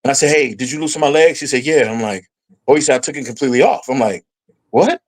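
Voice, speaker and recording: Man, middle-aged, podcast guest, casual storytelling, animated, mid-pitched voice. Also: racing, rough recording. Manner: animated storyteller, voices his past self rising in pitch.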